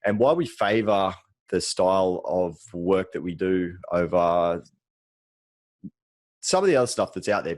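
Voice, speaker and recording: A man's voice: low-pitched, darkish tone, dry recording. A man with an Australian accent co-hosting a casual podcast, talking in an easygoing, rambling way with plenty of ums. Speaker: podcast co-host, soft tissue therapist. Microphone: remote call, separate mics.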